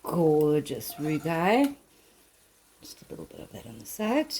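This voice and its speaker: A woman's voice: low-pitched, sing-song, a little slow, dark tone, slight background noise. A woman cooking and plating food for a vlog, chatting cheerfully and laughing often. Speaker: vlog co-host and cook. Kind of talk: casual cooking chat.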